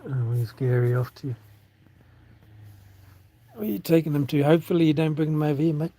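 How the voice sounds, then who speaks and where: A man's voice: a little high, a little fast, mellow. A man with a New Zealand accent chatting casually on a phone livestream outdoors on farmland, rambling and swearing offhandedly as he thinks aloud. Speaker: livestream vlogger. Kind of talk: casual live-stream chat.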